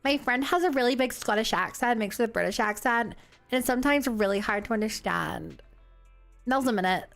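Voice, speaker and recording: A woman's voice: fairly high pitch, fast talker, fairly bright tone. A young woman streaming a game, chatting casually and rambling as she reacts to chat. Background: game music.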